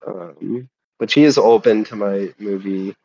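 A man's voice: on the low side, unhurried, creaky, warm tone. Young man on dull lo-fi headset. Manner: casual, profane teasing. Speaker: podcast co-host. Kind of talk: casual chat. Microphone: wireless headphones over a video call.

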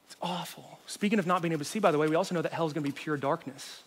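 A man preaching a sermon as a youth pastor, animated, swinging from loud to hushed. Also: on the high side, racing, breathy edge, in a large hall.

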